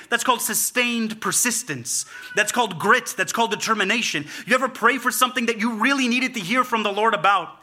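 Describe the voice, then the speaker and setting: Bright-voiced man preaching a sermon. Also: high voice. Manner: preaching with repetition and rising emphasis. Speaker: pastor.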